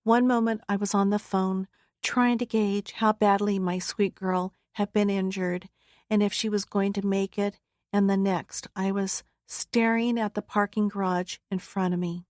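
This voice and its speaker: A woman narrating a first-person memoir audiobook in a measured, earnest, solemn way. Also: mid-range voice, little pitch movement, a little mellow, dry recording. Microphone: close studio mic. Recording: dry close studio sound.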